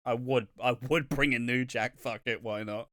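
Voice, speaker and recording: A man talks wrestling in loose podcast banter, cursing and laughing as he goes. His voice is bright and forceful. The sound is dry and close. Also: mid-range voice, fairly even intonation, normal speed, no echo. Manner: swears freely, laughs often, slips into jokey voices. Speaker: podcast co-host. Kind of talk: casual wrestling review chat.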